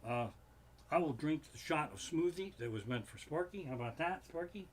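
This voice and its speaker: A man, a comedian hosting a livestream from his living room, telling a rambling, profane monologue with sudden loud outbursts. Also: fairly high pitch, expressive, moderate pace, slight background noise. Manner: swears constantly, rants with sudden loud outbursts. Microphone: home streaming setup.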